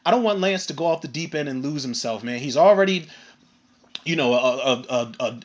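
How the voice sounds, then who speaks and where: A man recapping and reviewing a TV episode in a casual, animated and profane way, acting out bits of dialogue. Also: on the high side, muffled recording. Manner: animated, profane, retells scenes with acted quotes. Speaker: film and TV reviewer.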